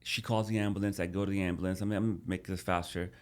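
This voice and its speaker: With a fairly low voice and fairly even intonation, this thirty-something podcast guest talks fast. He relates his story in a casual, animated way, often repeating words and starting over.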